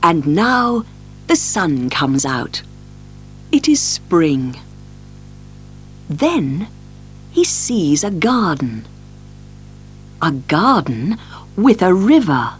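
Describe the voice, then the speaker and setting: A woman narrates a children's tale at a very slow, careful pace, her pitch rising and falling widely as she reads. Soft music plays faintly behind her. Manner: very slow, lively, expressive reading. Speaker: audiobook narrator. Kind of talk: slow storybook reading for learners.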